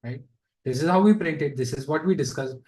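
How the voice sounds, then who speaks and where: A man's voice: a little high, fairly quick, dark tone, low-quality recording. A man giving a casual live coding lesson, thinking aloud with fillers and asides. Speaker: programming instructor.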